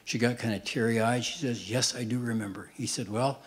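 An older man doing stand-up on stage, telling quick deadpan one-liners to a live audience. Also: mid-range voice. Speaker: stand-up comedian. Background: audience laughter.

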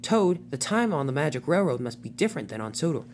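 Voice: medium pitch, sing-song, fast, background noise, natural voice. A narrator voicing an eager young male tank engine who exclaims often in a homemade toy-train story.

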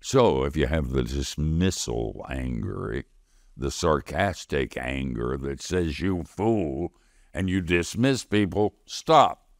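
A male pastor with a very deep, gravelly voice preaching a sermon. He talks slowly and conversationally, asking and answering his own questions as he tells a story. The sound is close and dry. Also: expressive, no room sound. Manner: conversational storytelling, call-and-response.

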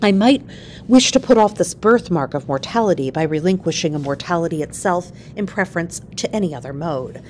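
A woman's voice: on the low side, animated, fairly quick, slight background noise, close to an everyday voice. A woman reading a firm, devoted young wife. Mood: calm. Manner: firm, earnest.

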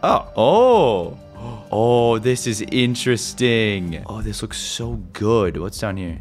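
A young man giving jumpy, excitable let's play commentary as he explores a creepy game, breaking into sudden shouts and laughs. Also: medium pitch, takes it slowly, hardly any pauses, soft background music. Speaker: gaming YouTuber.

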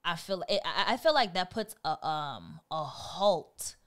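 A woman's voice: lowish voice, very animated, unhurried, smooth. A woman co-hosting a casual couple's chat, talking bluntly and with lots of swearing, acting out old arguments. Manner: blunt, profane, acts out past arguments. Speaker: co-host.

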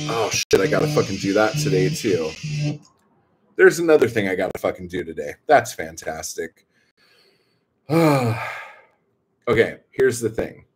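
Low husky dude cussing a lot while rambling stories on stream. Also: male voice. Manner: profane, rambling storytelling. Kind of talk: casual chat to viewers.

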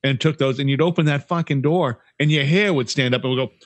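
A man's voice: medium pitch, fast, no room sound. A man in his fifties, a former radio broadcaster, telling profane, rambling stories while co-hosting a podcast. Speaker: podcast co-host. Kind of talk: casual chat.

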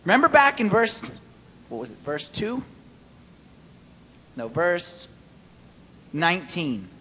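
A man preaching a sermon-style Bible study, animated and playful, quizzing his listeners. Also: high voice, slow pace, husky, in a large hall.

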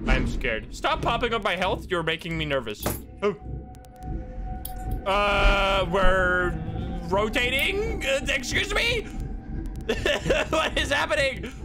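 Excitable young male game streamer. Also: sits high. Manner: excitable, laughing, swearing reactions. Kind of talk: live gameplay commentary. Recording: game music under voice. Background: game music.

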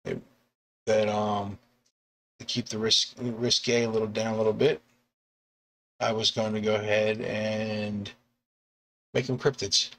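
A middle-aged man, a comic artist and bus driver, chatting casually on a live stream, rambling with restarts and chuckles and acting out quoted lines in sudden high yelps. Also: little pitch movement, a little slow, pauses often, fairly bright tone. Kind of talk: casual live-stream chat about artwork.

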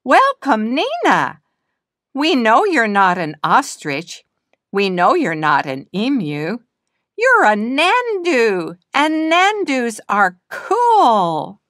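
A woman's voice: a little high, huge pitch swings, slow pace, a bit bright, dry recording, clean studio sound, voice pushed up, full character voice. A woman reading as a cheery, welcoming teacher. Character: cheerful female school teacher. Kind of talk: storybook reading.

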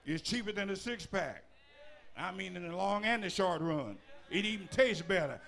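A bishop a sermon in a rhythmic, folksy way, building repeated lists up to shouts. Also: male voice, sits high, animated, moderate pace, gravelly. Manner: folksy, with dialect grammar and humor. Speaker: bishop preacher.

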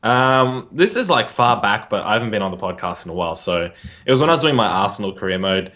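A podcast guest with a lowish voice. He tells his story in a rambling, laid-back way during a casual chat. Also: lively intonation, quick pace, sharp tone.

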